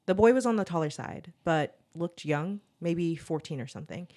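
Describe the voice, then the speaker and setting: A woman co-hosting a podcast, reading her own original story aloud in a steady storytelling voice, then chatting and laughing with her co-host. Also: lowish voice, moderate pace. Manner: steady storytelling read, laughs often in chat.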